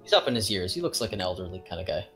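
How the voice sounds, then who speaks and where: A man's voice: low voice, sing-song, very fast, a bit bright, soft background music. A man narrating and explaining scenes as game master in a casual, rambling way.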